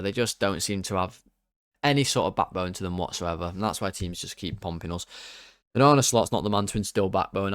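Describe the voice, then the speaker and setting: A lower-voiced young man rants through player ratings, exasperated and swearing. His voice is smooth and resonant, recorded close and dry with no room sound. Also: no room sound. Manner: exasperated, swearing, rambling with restarts. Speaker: football fan channel host. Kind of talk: frustrated player-ratings rant.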